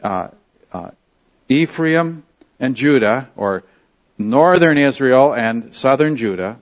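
A man from Canada preaching a verse-by-verse sermon, leaning on key words and dropping soft at the ends of phrases. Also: medium pitch, animated, slow pace. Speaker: pastor. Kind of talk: expository sermon. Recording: slightly dull lo-fi sound.

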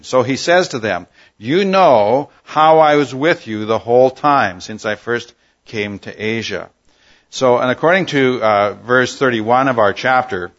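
A man teaching a Bible passage verse by verse, unhurried and thoughtful, pausing often with "uh". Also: medium pitch, fairly bright tone, dull audio. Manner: unhurried, thoughtful, with frequent "uh" pauses.

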